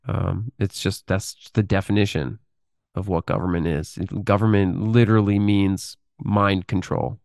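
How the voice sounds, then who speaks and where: A man hosting a podcast, reading a text aloud in a deliberate way and breaking off into unscripted commentary full of fillers. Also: sits low, gravelly, a little mellow, no echo, clean studio sound. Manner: deliberate reading, halting with fillers when speaking freely. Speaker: podcast host.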